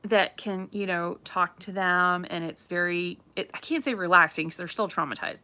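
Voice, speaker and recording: Bright-voiced chatty woman gossiping. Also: fairly low pitch. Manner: chatty, animated, says "craziness" often. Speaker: realtor livestream host. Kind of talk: casual gossipy livestream chat.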